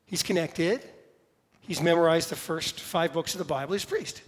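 A man preaching a sermon in a conversational way, asking rhetorical questions and slowing down with emphatic pauses. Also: fairly high pitch, big-room sound. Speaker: pastor.

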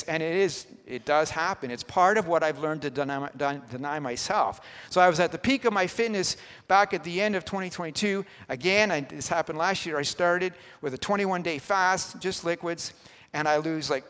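A man in his sixties shares an earnest testimony from a church pulpit, his voice sitting a bit high for a man. He talks plainly and conversationally, restarting his sentences often. The sound rings with a long hall reverb. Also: fairly bright tone. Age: 60s. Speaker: guest speaker, ordained minister. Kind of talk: personal testimony sermon. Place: church sanctuary.

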